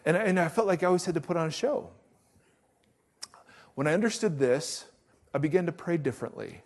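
Animated man preaching a sermon. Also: fairly high pitch, fairly quick, long pauses. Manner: animated storytelling with acted-out quotes. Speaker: pastor.

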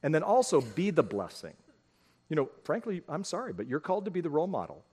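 In a church sanctuary, a middle-aged pastor gives a folksy, conversational sermon, sharing family stories and addressing his congregation directly. His voice is fairly high, fast, a little mellow and breathy, with huge pitch swings.

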